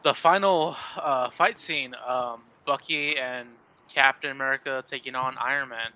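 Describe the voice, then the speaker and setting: A man co-hosting a relaxed podcast with a very bright, sharp voice. He talks about movies in an easygoing, earnest way, full of fillers. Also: medium pitch, a little slow, low-quality recording. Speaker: podcast co-host. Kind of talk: casual podcast chat about superhero films.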